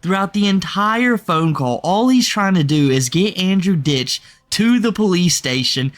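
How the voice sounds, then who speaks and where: A man streamer giving mocking, animated commentary on a clip. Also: high-pitched, measured pace.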